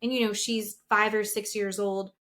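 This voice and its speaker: A woman's voice: mid-range voice, flat delivery, normal speed, a bit bright. A woman in her thirties co-hosting a podcast, recapping reality TV in gossipy casual chat. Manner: gossipy, acts out quotes with voices. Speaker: podcast co-host.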